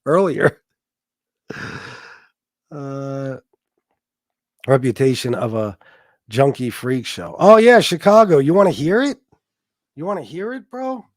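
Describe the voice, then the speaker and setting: A man's voice: a little high, a little mellow, no echo. A man hosting a livestream, ranting casually in a profane, boastful, taunting way. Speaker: livestream host.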